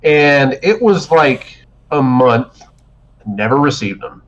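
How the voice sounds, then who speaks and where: A man's voice: medium pitch, very animated, slow pace. A man co-hosting a podcast, telling a long profane story in a rambling way with many restarts. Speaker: podcast co-host. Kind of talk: casual chat. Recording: dull lo-fi stream audio.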